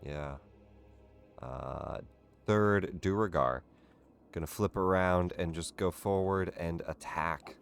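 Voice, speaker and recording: Game master, male, very low voice, easygoing rulings with plenty of fillers. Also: slow, gravelly, clean tone, faint music behind. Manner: relaxed, matter-of-fact rulings with fillers. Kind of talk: running a tabletop game online.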